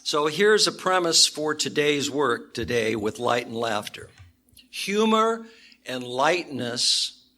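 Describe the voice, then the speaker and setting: Slow, bright-voiced male minister. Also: mid-range voice. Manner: animated storytelling, emphatic repetition. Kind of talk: sermon. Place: church with congregation.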